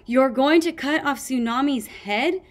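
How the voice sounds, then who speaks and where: A woman plays the smallest young she-dragon in a storybook, timid and eager to please. Her voice jumps high and squeaky, stammering at times. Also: moderate pace, natural voice. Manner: squeaky and hesitant.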